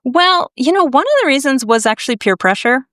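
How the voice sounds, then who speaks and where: A woman from Massachusetts, a naturopathic doctor, telling her story to a podcast host in a blunt, animated way. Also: sits high, fairly quick, dry recording, studio quality. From Massachusetts, USA. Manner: animated, emphatic, blunt, swears freely. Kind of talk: conversational storytelling.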